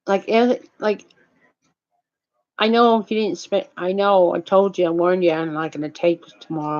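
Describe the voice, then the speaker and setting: An older woman talking in a rambling, halting, profane monologue. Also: on the low side, fairly even intonation, a little mellow, dull audio.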